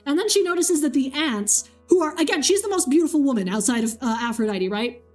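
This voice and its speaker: A woman's voice: high voice, expressive, a little fast, a little mellow, faint music behind. A young woman streamer retelling a story casually while gaming, chatty and swearing freely.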